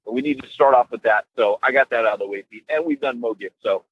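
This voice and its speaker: A man's voice: mid-range voice, fast talker, breathy edge, no room sound, lo-fi sound. A man co-hosting a podcast in casual chat, playful and teasing, talking over a remote call. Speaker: podcast co-host. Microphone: remote call mic.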